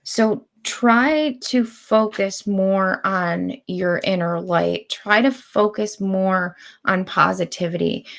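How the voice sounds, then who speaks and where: A woman giving spiritual readings to viewers of her live stream. She talks at an unhurried pace, drawing out her phrases, and her mid-height voice carries a gravelly fry. The delivery is calm and deliberate. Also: medium pitch. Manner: slow, deliberate, drawn-out phrasing. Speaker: spiritual reader.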